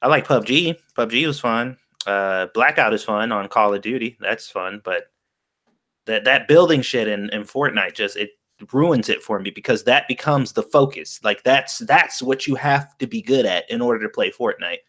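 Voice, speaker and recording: A man's voice: medium pitch, normal speed, a bit bright. A man co-hosting a casual livestream chat, speaking crudely and laughing along at his own jokes. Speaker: co-host streamer.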